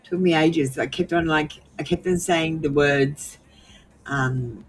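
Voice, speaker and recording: A woman's voice: low-pitched, slow, slight background noise. Chatty Australian woman streaming live. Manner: rambling, chatty with frequent ums and laughs. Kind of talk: casual live stream chat.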